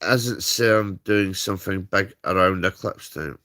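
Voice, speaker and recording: A man's voice: low voice, a little slow, pushed and bright. A British man ranting on a livestream, heated and swearing, tagging his points with "right?". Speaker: streamer. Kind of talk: angry livestream rant.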